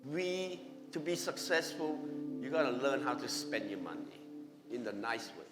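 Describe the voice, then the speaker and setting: Animated man telling his story in an echoey church. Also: mid-range voice, moderate pace. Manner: animated, acts out dialogue with his wife; non-native broken English grammar. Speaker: guest speaker at church. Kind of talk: personal testimony storytelling. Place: church hall. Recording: echoey hall with music behind.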